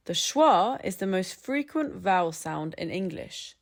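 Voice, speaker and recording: A woman narrating a scripted English pronunciation tutorial. She speaks in a calm, measured way and slows down to demonstrate sounds. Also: on the low side, creaky.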